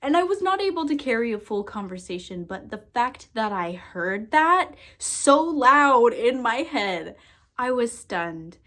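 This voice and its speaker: A woman psychic and energy worker chatting casually to camera, expressive, laughing and swearing freely. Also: fairly high pitch, unhurried. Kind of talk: casual to-camera vlog chat.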